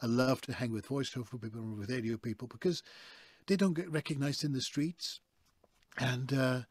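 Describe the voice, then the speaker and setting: A man's voice: mid-range voice, steady tone, normal speed, slightly rough. A man from Europe, a voice actor and coach, talking as a guest in a conversational interview. He tells his stories emphatically and leans on repeated intensifiers.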